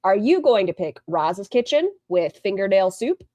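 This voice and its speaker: A woman's voice: medium pitch, sing-song, normal speed, dark tone, no room sound. A woman streamer giving blunt, mocking, profane commentary while she watches another stream and reads chat. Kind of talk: casual commentary.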